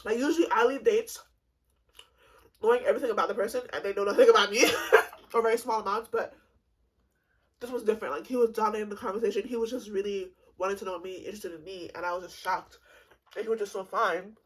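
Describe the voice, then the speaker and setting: A woman in her twenties telling a comedic storytime, animated and swearing freely, laughing often. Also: mid-range voice, fast talker, breathy edge, rough recording. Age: 20s. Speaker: vlogger.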